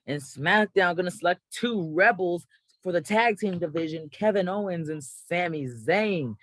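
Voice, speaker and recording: A man's voice: high voice, lively intonation, moderate pace, a bit bright, dry recording, rough recording. A man hosting a gaming video, calling out a mock wrestling draft in a hyped announcer style and correcting himself now and then. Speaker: gaming channel host.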